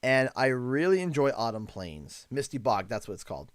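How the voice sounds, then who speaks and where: A Canadian man live-streaming a game, excitable and thanking viewers over and over. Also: mid-range voice, moderate pace, no echo. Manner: excitable, thanks donors warmly and often. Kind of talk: live gameplay stream chat.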